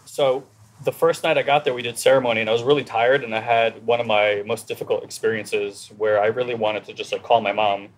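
A man telling a personal story at a brisk, rushing clip, animated and acting out his inner dialogue. His voice sits at an ordinary middle pitch, with a faint hiss underneath. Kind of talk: casual conversation, personal storytelling.

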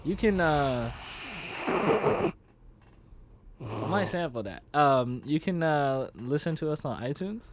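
A man's voice: a little high, lively intonation, normal speed, hardly any pauses. A young man co-hosting a podcast in casual, slangy chat, laughing often and swearing freely. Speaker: podcast co-host.

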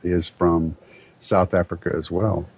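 A man being interviewed as a company owner on a talk show, relaxed with some fillers. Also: deep voice, unhurried, slightly rough. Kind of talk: casual interview. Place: studio.

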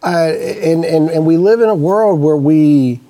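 A man giving casual panel commentary, animated and exasperated, often mocking. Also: fairly high pitch, unhurried, crowd noise.

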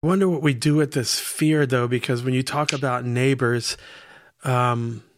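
A man's voice: medium pitch, steady tone, normal speed. A man hosting a casual podcast conversation, who speaks in a reflective, hesitant way with many fillers. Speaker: podcast host.

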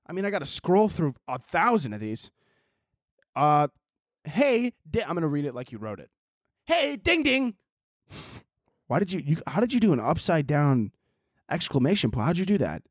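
A man hosting a podcast, swearing freely as he rants sarcastically through listener questions. His pitch leaps up and down constantly. The sound is close and dry, with no room around it. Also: no echo. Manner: profane, sarcastic ranting. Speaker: podcast host. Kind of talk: casual advice segment.

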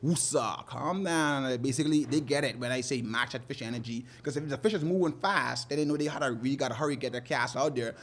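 A man's voice: fairly high pitch, a little hiss or hum. A man working as a fishing guide, talking loosely and animatedly in an interview, often laughing. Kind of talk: casual interview talk.

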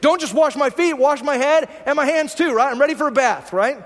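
A man voicing an impulsive male disciple who protests and then overreaches, speaking emphatically. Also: brisk. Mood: eager. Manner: emphatic, excited, pitched up. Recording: long hall reverb.

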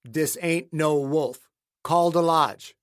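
A man playing a gruff, curt farmer. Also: a little high, slow. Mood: tense. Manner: curt, profane. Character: gruff rural farmer husband, blunt and curt.

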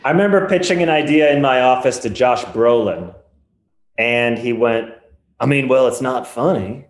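A man's voice: medium pitch, normal speed. A man guesting on a podcast, telling stories in a wry, rambling way with lots of restarts. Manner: rambling, self-correcting, wry storytelling. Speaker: guest comedian. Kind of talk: casual podcast chat. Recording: roomy echo.

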